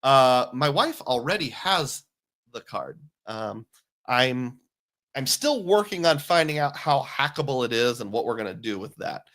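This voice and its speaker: A man's voice: mid-range voice, big pitch swings, measured pace, a bit bright. A man hosting a casual livestream, talking in a chatty, jokey, self-deprecating way and reading out viewer comments. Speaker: host.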